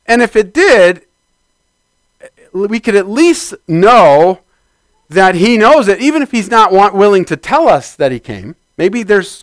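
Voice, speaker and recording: A man preaching a conversational sermon to his congregation, swinging from loud bursts to quiet asides. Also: sits high, no room sound.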